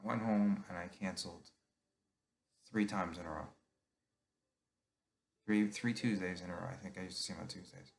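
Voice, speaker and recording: A middle-aged man with a very low, gravelly voice tells his own story. He speaks candidly and confessionally, acting out the people he quotes in his own voice. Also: fairly even intonation, moderate pace, long pauses, slight background noise. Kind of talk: personal storytelling monologue.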